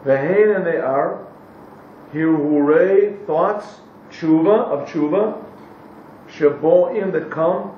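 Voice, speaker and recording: A man teaching a class, translating a text phrase by phrase into English and pausing often to search for the right word. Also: on the high side, slight background noise. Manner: pauses to search for English words. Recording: echoey, distant, dull lo-fi room recording.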